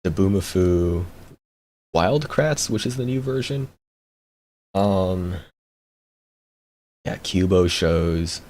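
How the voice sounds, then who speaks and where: A man's voice: low-pitched, lively intonation, slow, pauses often, a little mellow, a little hiss or hum. A young man streamer chatting casually, rambling, repeating words and laughing often. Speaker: VTuber streamer.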